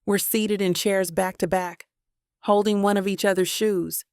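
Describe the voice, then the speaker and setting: A woman narrating a first-person romance audiobook in an intimate, steady way into a close mic. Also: medium pitch, unhurried, smooth, no echo.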